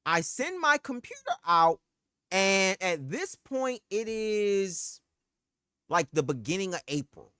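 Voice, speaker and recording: A woman's voice: deep voice, fairly bright tone, no room sound, studio quality. A woman telling a heated, profane story about a bad purchase, in casual storytime style. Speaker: streamer telling a personal story.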